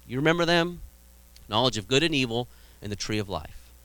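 A man's voice: medium pitch, animated, brisk, fairly bright tone, dry recording. A male pastor preaching casually, with humor and frequent restarts. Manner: conversational preaching, acts out Bible scenes with humor; frequent restarts and repeated words. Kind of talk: sermon.

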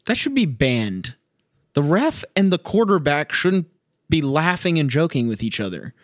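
A man's voice: a little high, sing-song, moderate pace, no room sound, clean studio sound. A young man hosting a solo sports podcast, ranting with sarcasm, swearing and exasperation while he watches a game at home. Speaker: podcast host. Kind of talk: solo sports reaction rant.

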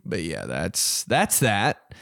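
Animated, profane young man telling stories. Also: slow pace, gravelly, no room sound, clean studio sound. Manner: animated, profane, mimics beeping in a high squeak. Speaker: comedian podcast host. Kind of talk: casual comedic storytelling.

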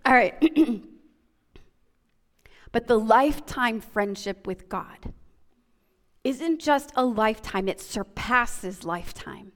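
A woman pastor preaching a sermon, animated, moving between quiet and loud passages. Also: fairly high pitch, slow pace, big-room sound. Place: church sanctuary.

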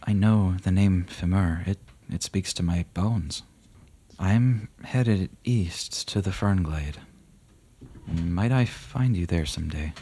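A man voicing a mysterious cloaked rider who speaks formally and solemnly, with a husky voice. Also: low voice, takes it slowly, mellow, exaggerated voice. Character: mysterious cloaked male rider, grave and courteous. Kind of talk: tabletop role-play.

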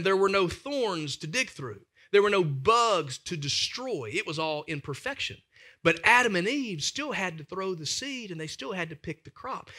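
A man in his thirties, a pastor preaching an animated, emphatic sermon full of family stories. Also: high-pitched.

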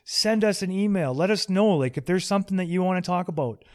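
A man hosting a casual podcast, joking and rambling, quick to poke fun at himself. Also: high-pitched, expressive, darkish tone. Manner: joking, rambling, self-deprecating. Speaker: podcast host.

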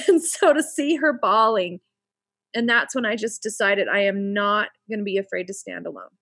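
A woman's voice: medium pitch, normal speed, pushed and bright, no room sound. A woman talking with raw, blunt passion, close to tears as she speaks. The sound is dry and close, with no room around it. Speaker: guest. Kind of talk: emotional personal testimony.

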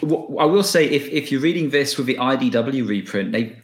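A man guesting on a podcast, talking in a relaxed, rambling way about a comic book. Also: mid-range voice, brisk, roomy sound. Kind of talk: casual podcast chat.

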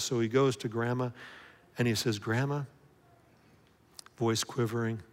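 A man delivers a sermon in a large church, his voice ringing with a long reverb tail. He tells a story with animated character voices, then drops to a soft, intimate tone to address listeners directly. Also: mid-range voice, moderate pace, long pauses. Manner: acts out story characters, swings from loud to hushed. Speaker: pastor. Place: church sanctuary.

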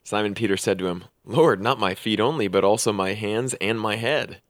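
A man with a somewhat low voice reads scripture for a church podcast. His reading is plain and steady, and the sound is dry and close. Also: normal speed, no echo.

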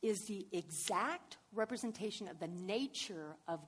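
A woman giving a sermon, telling a Bible story in an animated way that swings between hushed, tender passages and loud, excited ones. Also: medium pitch, unhurried, breathy edge. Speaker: preacher.

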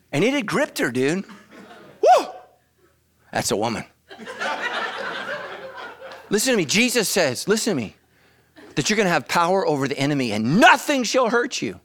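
Pastor guy preaching, tells funny stories, yells and does voices, swoops all over. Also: fairly high pitch, big pitch swings, normal speed, long pauses. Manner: storytelling with shouts and acted voices. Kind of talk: animated comic sermon.

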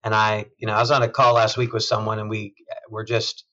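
A man, a chief executive, talking in a measured, thoughtful way in a conversational interview, often trailing off softly. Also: fairly low pitch, level tone, muffled recording. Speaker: hospital system CEO, guest.

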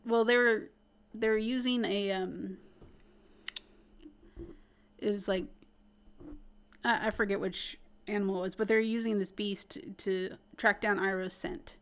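A woman's voice: mid-range voice, fairly even intonation, unhurried, pauses often, clear, resonant tone. A woman in casual chat, eagerly retelling a plot with lots of "like" and "you know". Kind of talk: casual chat, recapping a cartoon series.

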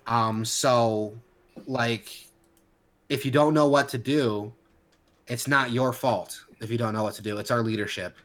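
A man co-hosting a casual podcast, his voice at an ordinary middle pitch. He rants heatedly, stumbling through restarts and fillers as he talks. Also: fairly even intonation, measured pace, a bit bright. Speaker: podcast co-host. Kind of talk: casual opinionated chat.

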